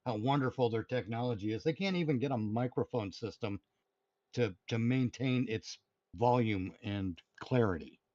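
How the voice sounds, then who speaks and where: A man's voice: mid-range voice, moderate pace, dark tone, dry recording, dull audio. A man in a casual group podcast chat, blunt and swearing when he rants.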